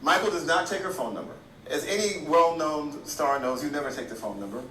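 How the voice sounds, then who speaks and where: A man's voice: fairly high pitch, lively intonation, a little fast, fairly bright tone. Man telling a story, echoey and distant. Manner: conversational, with restarts. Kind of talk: interview storytelling. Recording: echoey, from far off, faint hiss.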